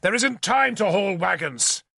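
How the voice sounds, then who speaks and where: A man's voice: high voice, lively intonation, moderate pace, creaky, pushed and bright, no room sound, clean studio sound, pitched above the performer's own voice, exaggerated voice. A man doing a snarling aging warrior. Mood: angry. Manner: snarling, barked orders. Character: hardened aging male warrior lord, angry and commanding.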